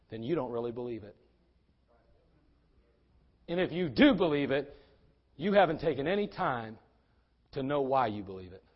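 A man preaching a sermon, moving between loud, urgent exhortation and quiet pleading. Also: a little high, husky, big-room sound, muffled recording.

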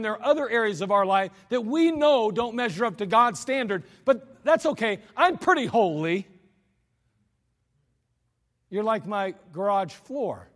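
A pastor whose voice sits high with a fairly bright tone gives an earnest, conversational sermon with humorous asides. The archived service took place in a church sanctuary, and long hall reverb is audible.

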